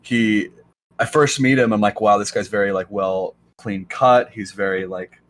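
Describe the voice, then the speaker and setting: A man's voice: lowish voice, steady tone, normal speed, fairly bright tone. A young man in casual podcast chat, rambling and hesitant with many restarts. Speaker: podcast co-host.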